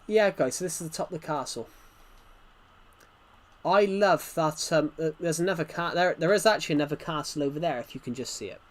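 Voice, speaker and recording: A man's voice: on the high side, racing, few pauses. A man streaming gameplay live, rambling chattily and answering chat messages, his nose bothered by hay fever.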